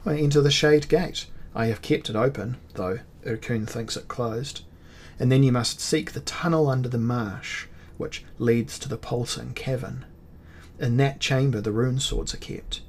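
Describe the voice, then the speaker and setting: A man voicing a grave and commanding chaos god, speaking slowly with a measured, declamatory weight. The voice sits at a middling pitch for a man, and he delivers the lines as a storybook reading. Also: slight background noise, lightly acted. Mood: cryptic. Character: male chaos god lord, ancient, cryptic, scheming.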